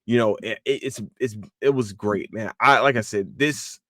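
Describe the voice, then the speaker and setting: A man hosting a casual solo podcast, excitable, swearing often and restarting his sentences with lots of fillers. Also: fairly low pitch, normal speed, no echo, clean studio sound. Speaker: podcast host.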